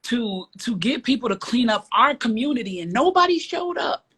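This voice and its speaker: A woman from the south side of Chicago tells her story as a guest, her voice bright and ringing. She leans on repeated phrases for emphasis. She speaks frankly, even bluntly. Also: on the high side, moderate pace, husky. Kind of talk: casual interview chat, storytelling.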